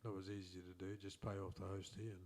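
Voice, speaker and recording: A man's voice: low voice, flat delivery, fast talker, darkish tone. An older man with an Australian accent, co-hosting a casual chat and telling long, rambling anecdotes with many restarts and chuckles. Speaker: co-host telling stories.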